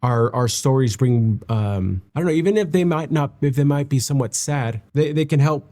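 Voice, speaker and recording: Mellow-voiced man, halting and heartfelt. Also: mid-range voice, lively intonation. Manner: halting and heartfelt, with many restarts. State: emotional, near tears. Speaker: music reaction host. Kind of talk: reflective casual reaction commentary.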